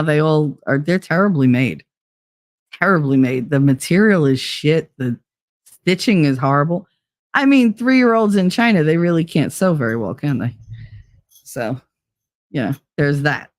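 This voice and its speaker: A woman's voice: on the low side, no echo, clean studio sound. A middle-aged woman hosting a live stream, chatting casually with blunt, sarcastic remarks and free swearing while reading chat. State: tired from little sleep. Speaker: livestream host reading chat.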